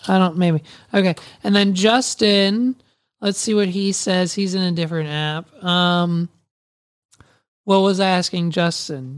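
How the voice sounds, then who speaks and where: A woman's voice: on the low side, steady tone, measured pace, no room sound, studio quality. A woman hosting a casual podcast, rambling loosely, with lots of fillers, restarts and swearing. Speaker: podcast host. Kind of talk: casual chat.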